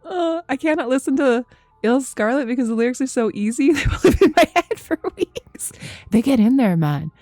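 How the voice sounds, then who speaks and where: A woman's voice: high voice, lively intonation, moderate pace, warm tone, no echo, soft background music. A woman in her thirties streaming from home, chatting loosely with her viewers, rambling, swearing freely and laughing often. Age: 30s. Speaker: game streamer. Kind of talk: casual chat with live chat.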